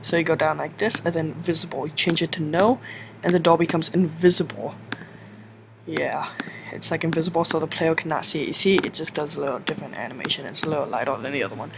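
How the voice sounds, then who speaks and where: A man's voice: fairly high pitch, fairly even intonation, quick pace, creaky. A young man casually narrating a game level editor tutorial, rambling and filling gaps with "like.". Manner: rambling, heavy use of "like", self-correcting. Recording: noisy home mic recording.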